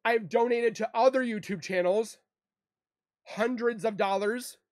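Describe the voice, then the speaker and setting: A man's voice: very high voice, unhurried, dry recording, studio quality. A man in an emotional, defensive monologue to camera, rambling and repeating himself as a true crime YouTuber. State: emotional, upset.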